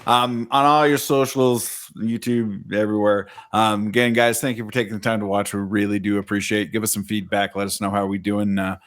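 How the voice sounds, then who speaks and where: A man's voice: fairly low pitch, flat delivery, brisk, hardly any pauses, a bit bright. A man co-hosting a casual gaming podcast in a laid-back, easygoing way. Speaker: podcast co-host.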